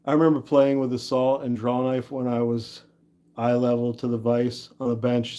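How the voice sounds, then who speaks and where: A man's voice: mid-range voice, little pitch movement, normal speed, mellow. Chatty man hosting a woodworking livestream. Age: 30s. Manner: chatty, laughs easily, reads and answers chat. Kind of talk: casual livestream chat while working.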